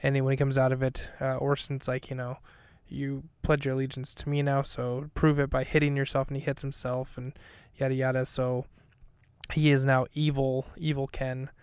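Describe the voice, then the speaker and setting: A man's voice: mid-range voice, completely flat delivery, moderate pace, darkish tone, smooth, no room sound, studio quality. A man hosting a podcast, recapping an episode in a casual, rambling way, full of fillers and self-corrections. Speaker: podcast host.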